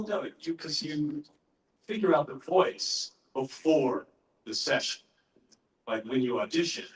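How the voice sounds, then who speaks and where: A middle-aged man, a voice actor, answering fan questions in a relaxed, anecdotal way at a convention panel. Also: a little high. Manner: relaxed, anecdotal, pauses to gather his thoughts. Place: large convention panel room. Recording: echoey hall, voice heard from far off.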